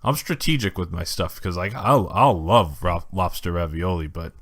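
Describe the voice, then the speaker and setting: A fairly low-voiced man co-hosting a podcast. He chats in an easygoing, agreeable way and keeps the conversation flowing. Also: normal speed. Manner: relaxed, chatty, agreeable listener. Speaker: podcast co-host. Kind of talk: casual chat.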